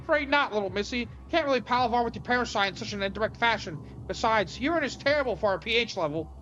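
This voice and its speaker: A woman voicing an ancient male plant monster that collects souls, speaking in a slow, mock-folksy cowboy drawl. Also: fairly high pitch, lively intonation, a bit bright, dull audio. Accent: cowboy drawl, put-on.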